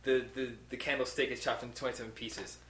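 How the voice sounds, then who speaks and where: Bright-voiced joking young man. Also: mid-range voice, fast. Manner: playful, joking, stammers when excited. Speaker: podcast co-host. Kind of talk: casual chat. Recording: echoey room with faint noise.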